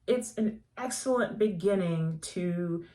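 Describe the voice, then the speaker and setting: Woman, book reviewer, low-ish voice, enthusiastic and chatty, laughs a lot. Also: warm tone. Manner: gushing, chatty, quick to laugh. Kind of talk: casual book review chat.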